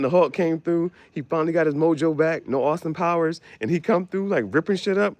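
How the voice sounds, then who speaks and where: A man hosting a casual podcast chat, animated and profane, often jumping into squeaky exclamations. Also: fast, hardly any pauses, no echo. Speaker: podcast host.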